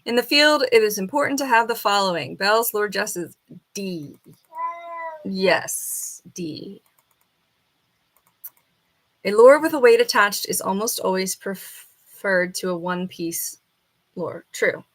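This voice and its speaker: A woman on a casual live stream, reading quiz questions aloud and arguing with the answers, and now and then talking softly to her bird. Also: medium pitch, expressive, slow pace, pauses often. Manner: chatty, reads questions then argues with the answers. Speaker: falconer streamer.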